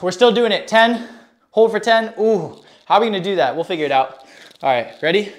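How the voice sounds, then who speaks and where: Young male fitness streamer, high voice, winded, casual bro energy. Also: fairly quick. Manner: hyped, casual bro talk to chat. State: out of breath. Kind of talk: live workout stream chat.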